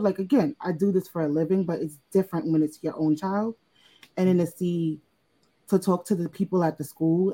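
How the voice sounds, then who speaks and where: Animated storytelling mom on a panel. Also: female voice, low-quality recording. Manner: animated storyteller, acts out quoted voices in a high pitch. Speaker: panelist and mother. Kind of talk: casual panel chat.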